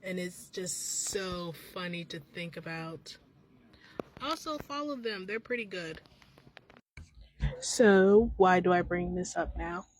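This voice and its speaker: A woman's voice: on the low side, slow pace, long pauses, a little hiss or hum, low-quality recording. A woman in her thirties hosting a podcast, talking off the cuff in a rambling, stream-of-consciousness way with many restarts, on a home microphone. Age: 30s. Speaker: podcast host. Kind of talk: unscripted casual commentary.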